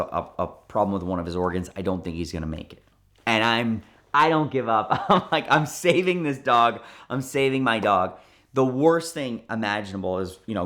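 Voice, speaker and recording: A man in his thirties, a car dealer, telling a story with lively restarts and acted-out dialogue. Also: on the low side. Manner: animated, many restarts and quoted dialogue. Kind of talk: storytelling interview.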